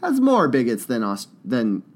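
A man's voice: medium pitch, huge pitch swings, measured pace. Joking man in casual podcast banter. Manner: joking, puts on accents mid-story. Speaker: podcast co-host. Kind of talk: casual comedic chat.

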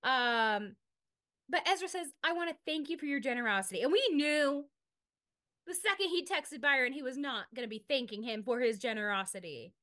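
High, bright Southern woman co-host. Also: moderate pace. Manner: animated, reads texts aloud in mock voices. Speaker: podcast co-host. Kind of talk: casual recap chat.

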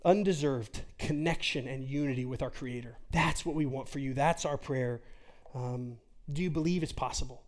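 A man's voice: medium pitch, normal speed. A man in his forties preaching an earnest, conversational sermon as a pastor, full of rhetorical questions.

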